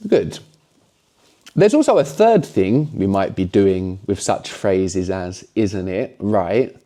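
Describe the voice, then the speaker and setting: A man's voice: deep voice, lively intonation, takes it slowly, warm tone. A man teaching a language lesson, explaining patiently and often closing points with a questioning "no?".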